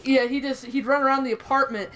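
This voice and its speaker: A woman's voice: high-pitched, quick pace, poor audio. Chatty, laughing young woman co-host. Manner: rambling, animated storyteller who laughs often. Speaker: co-host of a gaming stream. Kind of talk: casual chat over gameplay.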